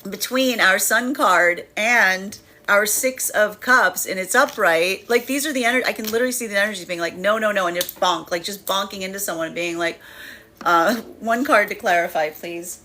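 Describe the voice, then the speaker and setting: A woman's voice: medium pitch, moderate pace, pushed and bright, a little hiss or hum. A woman tarot reader giving a casual, rambling reading, full of fillers and acted-out voices. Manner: rambling, many fillers, acts out voices with laughter.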